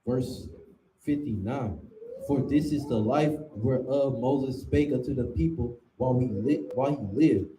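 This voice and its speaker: A man reads old-fashioned scripture aloud, steady and measured. His voice is very dark and mellow, at an ordinary pitch. A faint noise sits under the reading. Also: low-quality recording. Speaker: scripture reader.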